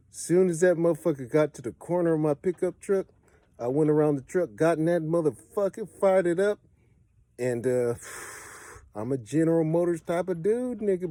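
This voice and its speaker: A man with a Los Angeles accent telling a street story in a profane, streetwise way, swinging between animated bursts and low, muttered asides. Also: no echo. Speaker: storyteller giving advice. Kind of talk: casual storytelling monologue.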